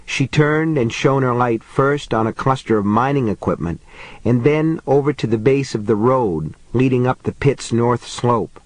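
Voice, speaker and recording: A man's voice: mid-range voice, moderate pace, darkish tone, no echo, low-quality recording. Man narrating a novel, dry close sound. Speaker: audiobook narrator. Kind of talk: scripted narration.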